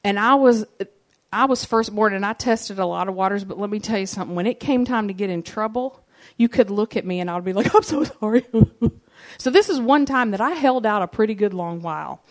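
A woman's voice: medium pitch, fairly quick. Woman, forties, sermon, chatty storytelling, talks to the audience. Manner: conversational and humorous, addresses the audience directly. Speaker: speaker giving a church message.

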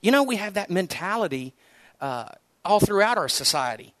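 Man pastor, middle-aged, high voice, chatty storytelling sermon, dry close sound. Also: normal speed, no echo. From United States. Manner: conversational, animated storytelling with repeated words.

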